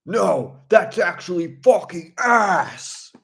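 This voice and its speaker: A man's voice: high-pitched, very animated, slow pace, creaky, pitched above the performer's own voice, heavily acted. A man doing an impression of a foul-mouthed male game critic, ranting with mocking sarcasm. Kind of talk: comic impression in a casual chat.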